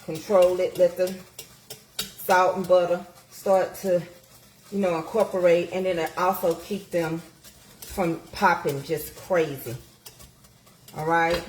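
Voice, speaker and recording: A woman's voice: on the low side, fairly even intonation, slow pace, long pauses, darkish tone, slight background noise. A middle-aged woman chatting casually in a livestream while she cooks in her home kitchen, folksy and motivational. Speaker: vlogger. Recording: echoey kitchen with frying sizzle.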